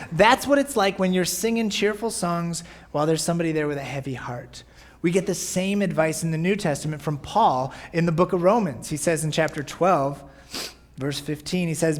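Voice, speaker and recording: Conversational man preaching a sermon. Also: high voice. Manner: conversational, often asking "right?". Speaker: pastor. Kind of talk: sermon podcast.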